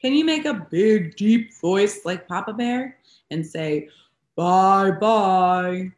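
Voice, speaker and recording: A woman pastor reading a picture book to children, animated and often asking the young listeners questions. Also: mid-range voice, measured pace. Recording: roomy echo.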